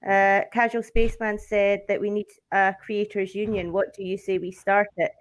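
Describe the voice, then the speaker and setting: A woman's voice: medium pitch, level tone, normal speed. A woman co-hosting a casual livestream, reading out chat comments in an easygoing way.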